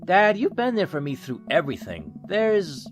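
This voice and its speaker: A man's voice: high-pitched, wildly swooping pitch, moderate pace, faint music behind. A man voicing a cheeky, affectionate teenage daughter in a video game, reading her lines with teasing sarcasm. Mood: heartfelt. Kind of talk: game dialogue read aloud.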